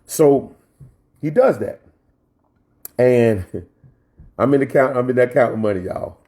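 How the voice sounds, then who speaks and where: A male pastor with a mellow, dark voice, preaching in church. He tells a personal story with repeated phrases and climbs into fervent, high-pitched preaching. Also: lively intonation, slow pace, pauses often. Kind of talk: sermon.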